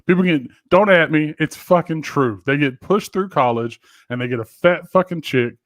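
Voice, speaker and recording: A man co-hosting a podcast, chatting in loose, profane banter and acting out the people in his stories. His voice sits a little high for a man. The sound is dry and close, with no room around it. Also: normal speed, no echo. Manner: loose storytelling full of profanity and acted-out quotes. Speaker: podcast co-host.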